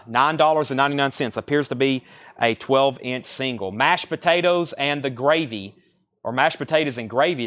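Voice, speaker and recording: A man hosting a live-streamed record sale, listing records and prices in rapid, brisk sales patter. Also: on the high side, fairly bright tone. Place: record store.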